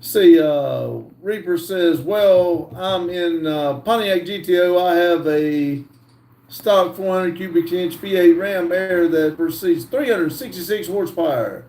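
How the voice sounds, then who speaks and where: A man hosts a livestream and reads viewer chat aloud, taking his time and pausing on "uh". His voice is mellow and dark. He is heard from some distance in a roomy space. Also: sits high. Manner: slow, halting reading with frequent "uh" fillers. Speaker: livestream host.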